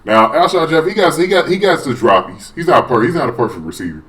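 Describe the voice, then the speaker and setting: A man giving a casual, profane sports rant as a fan vlogger, rambling and excitable with many restarts. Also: on the high side, fast talker.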